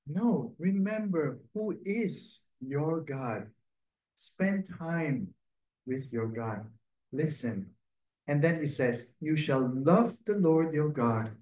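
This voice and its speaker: A man's voice: mid-range voice, darkish tone. A male priest with a Filipino English accent giving a conversational sermon, full of laughing asides and "no?" tag questions. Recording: echoey room.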